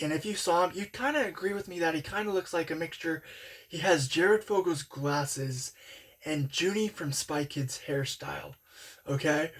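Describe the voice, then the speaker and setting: Husky young voice telling a story. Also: mid-range voice. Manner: rambling, filler-heavy, talks with hands-off candor. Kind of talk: casual storytime narration.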